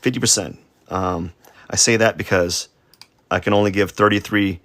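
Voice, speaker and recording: A man's voice: on the low side, fairly even intonation, moderate pace, fairly bright tone, no echo. A man streaming a drawing session live, rambling and joking about his own work as he sketches. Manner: rambling, self-deprecating, with silly sound effects. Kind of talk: casual live-stream commentary while drawing.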